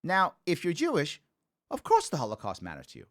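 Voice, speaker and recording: A man's voice: a little high, huge pitch swings, a little fast. A man in his forties from the Bronx, hosting a call-in talk show and telling stories in a conversational, thinking-aloud way. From the Bronx, New York.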